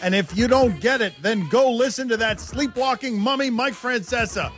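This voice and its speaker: A man hosting a sports talk radio show, excitable and shouting catchphrases over music. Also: very high-pitched, moderate pace. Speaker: radio host.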